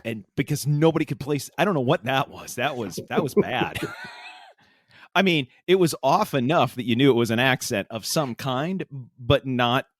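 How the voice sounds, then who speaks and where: A male podcast host who talks in a loose, rambling way and laughs partway through his own sentences. His pitch swings widely as he tells a story. The sound is dry and close, with no room around it. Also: expressive, normal speed, no room sound. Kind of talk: casual chat.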